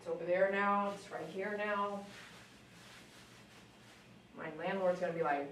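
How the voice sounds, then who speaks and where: A woman's voice: on the low side, fairly even intonation, a little slow, long pauses, fairly bright tone, a little hiss or hum. A woman dog groomer chatting casually on a live stream as she works, coaxing the dog in a sing-song voice. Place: grooming room. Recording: very echoey room, mic at a distance.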